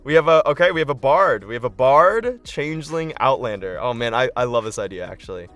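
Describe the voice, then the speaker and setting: An excitable man hosts a casual live stream as a game master, thinking out loud and filling pauses with "like" and "um". His voice sits at a middling pitch and jumps up when he gets excited. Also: soft background music. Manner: excitable, thinking aloud, many fillers.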